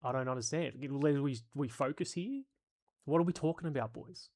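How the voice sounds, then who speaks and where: A man's voice: mid-range voice, moderate pace, darkish tone. An Australian man talking on a live stream, reading out viewer comments and answering them. He swears freely and sounds exasperated, thinking his points through aloud. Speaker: YouTube host reading live chat.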